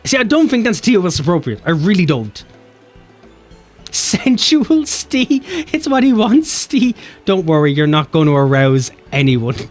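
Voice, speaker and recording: A man with an Irish accent, chatting playfully on a game live stream and jumping between deep and high voices. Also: sing-song, unhurried, soft background music. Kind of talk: casual live-stream chat.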